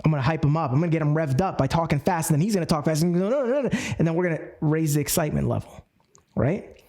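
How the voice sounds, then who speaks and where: An energetic man coaches a group live, with a voice that sits a little high for a man. He plays with his delivery, jumping between fast and slow and acting out quick phone calls. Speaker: network marketing coach.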